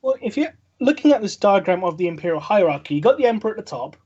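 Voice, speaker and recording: A southern English man rattles through explanations at a rapid clip, his voice a little higher than most. The audio is lo-fi and dull, like a call recording. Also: very animated, darkish tone, husky. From England. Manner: quick, explanatory, lists things rapidly. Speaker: podcast co-host. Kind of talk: casual chat.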